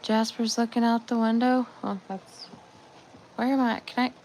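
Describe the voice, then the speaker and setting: A woman with a higher voice, fairly even intonation, a moderate pace, and a slightly mellow tone hosts a casual live chat, with a little hiss or hum in the audio. She rambles chattily with lots of fillers, addressing her viewers as "guys."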